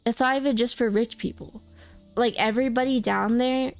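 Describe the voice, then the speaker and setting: A woman's voice: fairly high pitch, fairly even intonation, moderate pace, clear, resonant tone, faint music behind. A young woman streaming a game, chatting casually and rambling with many restarts. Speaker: VTuber streamer.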